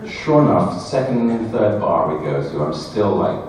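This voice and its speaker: Lively deep-voiced man telling stories. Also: normal speed. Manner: animated, laughs through his stories. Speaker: guest actor at a fan panel. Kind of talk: anecdotal storytelling and audience Q&A. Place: convention panel hall. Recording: echoey hall, from far off, loud noise.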